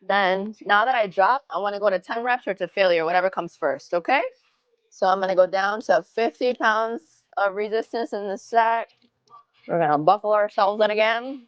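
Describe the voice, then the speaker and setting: A young woman with a Massachusetts accent talks casually to her livestream viewers from the gym, counting out her reps between asides. Her voice sits at an ordinary middle pitch. The sound is dry and close, with little room in it. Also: normal speed, clean tone, no echo, lo-fi sound. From Massachusetts, USA. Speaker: fitness livestreamer. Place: gym, indoors.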